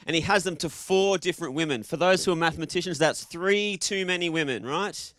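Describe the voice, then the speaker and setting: A man's voice: on the high side, brisk, fairly bright tone, no room sound, clean studio sound. An Australian man giving a casual, joking sermon to a live congregation, quizzing the audience as he goes. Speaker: preacher.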